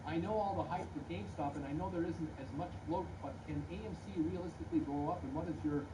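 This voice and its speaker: A man giving live stock market commentary, reading viewer comments in a brisk, plainspoken way with frequent "uh"s. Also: fairly high pitch. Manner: brisk, plainspoken, hesitant with many "uh"s. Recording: distant voice with clear background noise.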